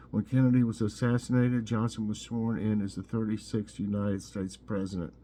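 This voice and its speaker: A man's voice: mid-range voice, mellow. A man hosting a casual morning trivia vlog, chatting and musing as he reads out questions, options and answers. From Tennessee. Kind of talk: casual trivia quiz, reading answers aloud.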